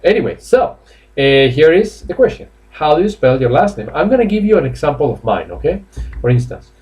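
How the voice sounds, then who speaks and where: This Spanish man's voice runs on the high side, slightly fast and slightly mellow, with big swings in pitch. He teaches English online live from a classroom or office, speaking with a Spanish accent, coaxing and chatty, full of fillers and laughter.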